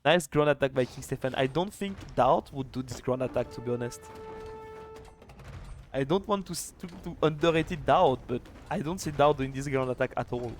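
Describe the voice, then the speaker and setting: A man casting a live strategy game match, chatty and excitable, with quick restarts. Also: mid-range voice, faint music behind. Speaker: esports caster and streamer. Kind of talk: live video game commentary.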